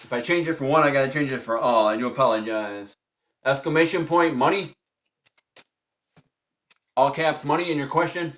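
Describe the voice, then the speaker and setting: A man's voice: mid-range voice, moderate pace, long pauses, fairly bright tone. A man hosting a tarot livestream, chatting casually with viewers and repeating firm, polite instructions to his chat. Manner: polite but strict.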